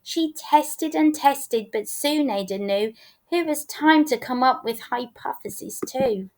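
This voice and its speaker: Slow, high-voiced woman reading a story. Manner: rhythmic, expressive rhyming delivery. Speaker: teacher reading a picture book aloud. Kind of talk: storybook read-aloud.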